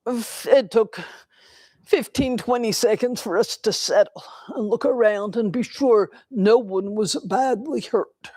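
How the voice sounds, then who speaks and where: An older woman giving a dharma talk in a temple, telling a personal story in a slow, reflective way with pauses. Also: a little high, dark tone, no echo. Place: temple hall.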